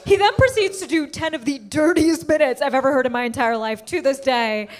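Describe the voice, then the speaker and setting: A woman doing stand-up comedy tells her story with lively, animated delivery. Her voice sits high, and it jumps higher still on the punchlines. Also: fairly quick. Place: comedy stage.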